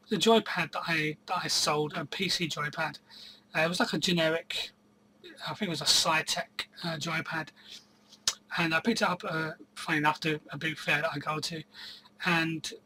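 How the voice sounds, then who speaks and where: Bright-voiced man vlogging casually. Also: fairly high pitch, slight background noise, rough recording. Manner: chatty, hesitant, many ums and restarts. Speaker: reseller vlogger. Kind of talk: casual solo vlog storytelling.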